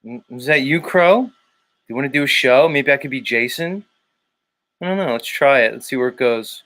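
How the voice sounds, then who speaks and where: A man's voice: mid-range voice, moderate pace, fairly bright tone. A man hosting a livestream, casual and jokey, swearing freely. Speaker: livestream host.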